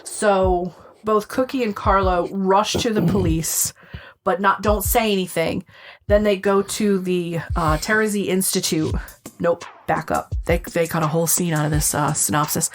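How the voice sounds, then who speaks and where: A woman's voice: fairly low pitch, fairly even intonation, moderate pace, slight background noise. A woman co-hosting a podcast, casually recapping a movie and acting out the characters' lines, swearing freely. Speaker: podcast co-host. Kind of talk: casual chat, film recap.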